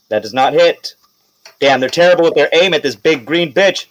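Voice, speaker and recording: A man's voice: fairly high pitch, expressive, normal speed, lo-fi sound, slight background noise. A man running a tabletop role-playing game as game master, narrating casually with laughs and swearing.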